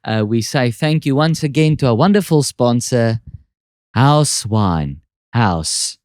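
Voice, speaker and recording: A man's voice: mid-range voice, lively intonation, slow, a little mellow, no room sound, studio quality. Afrikaans-accented man hosting a podcast. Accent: Afrikaans South African. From South Africa. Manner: self-deprecating, joking. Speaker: podcast host. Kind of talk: casual chat.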